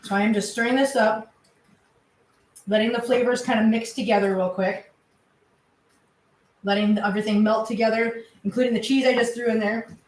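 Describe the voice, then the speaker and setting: A woman's voice: fairly high pitch, steady tone, moderate pace, pauses often, darkish tone, far from the mic. A woman vlogging as she cooks dinner at home, chatting away to her viewers and her cats. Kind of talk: casual chat while cooking. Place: home kitchen. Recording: echoey kitchen from off-mic.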